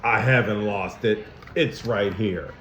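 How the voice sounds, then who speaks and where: A man voicing Anger, a grumpy male emotion character, with a growly, gruff, emphatic delivery, reading a picture book aloud to young children. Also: fairly low pitch, slow, a bit bright, slight background noise. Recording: dull, echoey room recording.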